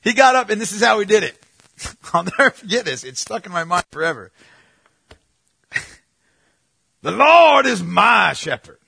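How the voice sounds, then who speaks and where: A man preaching a sermon as a pastor, talking conversationally with animated storytelling and frequent restarts. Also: high-pitched, normal speed, vocal fry, pauses often, breathy edge, no room sound.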